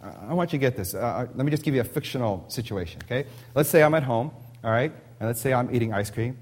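A man's voice: medium pitch, fast. A man in his thirties preaching a sermon, telling a family story and firing off rhetorical questions. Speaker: pastor.

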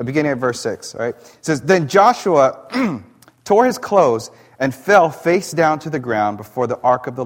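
A man with a medium-pitched voice preaches a sermon that includes scripture reading. He reads the scripture slowly, then explains it in plain, conversational asides.

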